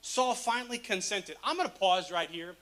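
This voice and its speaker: Bright, high-voiced casual preacher. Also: male voice, lively intonation, moderate pace. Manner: casual, humorous storytelling with laughs. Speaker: pastor. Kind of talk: sermon.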